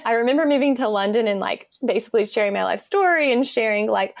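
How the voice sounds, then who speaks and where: A woman's voice: a little high, animated, fast talker, gravelly, no room sound. Woman, 30s, podcast guest: chatty, upbeat storyteller, dry close sound. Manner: enthusiastic, chatty, laughs often. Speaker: guest, business owner.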